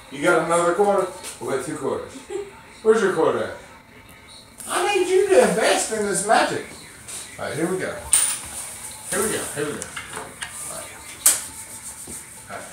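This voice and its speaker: A man's voice: on the high side, a little hiss or hum. A man performing as a children's clown and magician, teasing and coaxing a child in folksy playful banter. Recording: echoey room, mic far off.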